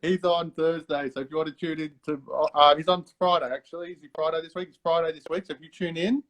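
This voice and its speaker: An older man with an Australian accent hosts a relaxed live interview, his voice sitting a little high for a man. He is friendly and easygoing, laughs often and keeps calling his guest mate, and he sounds like he is on a video call. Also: fast. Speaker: host. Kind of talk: casual interview chat.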